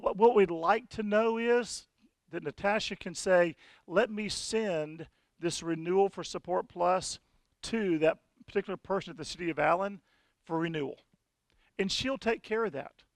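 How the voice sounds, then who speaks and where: A man's voice: high-pitched, moderate pace, gravelly, dry recording. A man giving a folksy, conversational sales presentation to an audience at a conference session.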